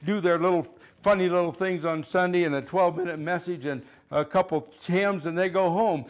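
A man preaching with fervent conviction, his fairly high voice pressing key phrases again and again. He swings from loud declarations to quiet, chuckling asides as he drives each point home. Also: moderate pace. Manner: fervent, rising and falling in loudness, chuckles between points; repeats phrases for emphasis. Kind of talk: sermon.

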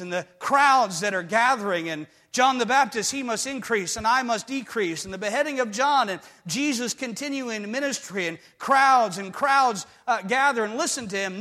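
A man preaching a sermon with emphatic delivery that swings between hushed and loud. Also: high voice. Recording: long hall reverb.

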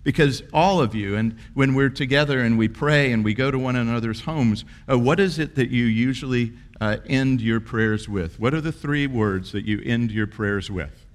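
A middle-aged man preaches to his church, his voice sitting at an ordinary middle pitch. He tells stories earnestly and leans hard into his key lines. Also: moderate pace. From South Carolina, USA. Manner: earnest, storytelling, rising to emphatic peaks. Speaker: pastor. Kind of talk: sermon.

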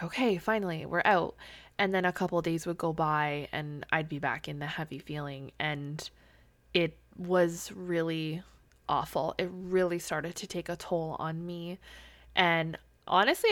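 A woman's voice: fairly low pitch, unhurried, fairly bright tone, dry recording. A woman in her thirties hosting a solo podcast, talking candidly and openly, with casual swearing. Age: 30s. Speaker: podcast host. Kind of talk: solo personal podcast talk.

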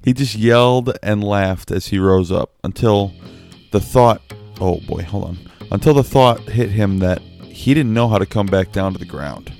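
A young man with a low voice casually spins a story, kept quiet at home at night, with faint music behind him. He laughs at himself and breaks off with sheepish apologies. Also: normal speed, few pauses.

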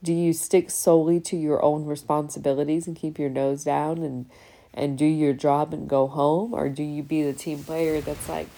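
A woman's voice: deep voice, steady tone, normal speed, creaky, warm tone. A woman in her thirties hosting a podcast, talking candidly in a casual reflective monologue and swearing now and then. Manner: candid and talkative, swears freely. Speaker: podcast host.

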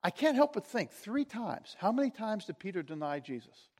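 A man's voice: high-pitched, normal speed. A man preaching a sermon, retelling a story and asking his listeners questions. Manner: storytelling, animated, asks the audience questions.

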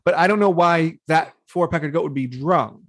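A man's voice: fairly high pitch, normal speed, fairly bright tone, no echo, clean studio sound. A young adult man co-hosting a podcast, casually recapping reality TV with frequent laughs and acted-out quotes. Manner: chatty, laughs often, acts out quoted lines. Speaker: podcast co-host.

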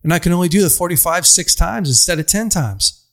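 A man's voice: high voice, expressive, a little fast. A young adult man giving a conversational motivational sermon to an audience, stacking phrases into long lists. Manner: conversational, repetitive lists, casual fillers. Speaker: speaker addressing an audience.

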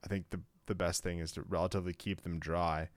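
A man's voice: low-pitched, flat delivery, fast talker, dry recording. A man co-hosting a casual chat, rambling with lots of "like" and restarts.

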